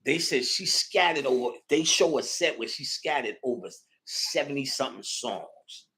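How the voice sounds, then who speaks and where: A man hosting a casual chat, telling a story in an excitable, profane way, swinging between loud bursts and hushed asides. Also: mid-range voice, moderate pace. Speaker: podcast host.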